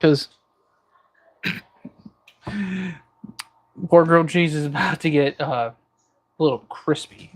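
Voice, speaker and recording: On a relaxed kitchen livestream, a man cooks and talks in a high-ish voice with fairly even intonation, moving slowly and leaving long pauses. He reads viewer comments aloud with jokey banter.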